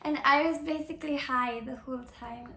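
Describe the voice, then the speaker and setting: A woman's voice: high voice, steady tone, measured pace, reverberant. A young woman hosting a podcast, chatting casually and rambling with lots of filler words and restarts. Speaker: podcast host. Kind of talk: casual chat.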